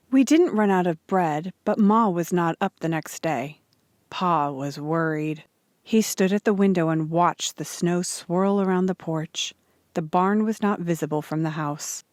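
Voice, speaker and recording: A woman reading a children's chapter book aloud in a steady, clear storytelling voice. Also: on the low side, unhurried, no echo, studio quality. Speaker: audiobook reader.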